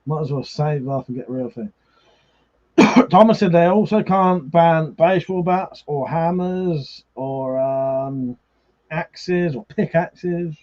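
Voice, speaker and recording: A drunk man hosts a livestream in a slightly high, mellow voice, speaking slowly as he chats casually, reads viewer comments aloud, swears freely, and laughs often. The stream audio sounds a bit muffled.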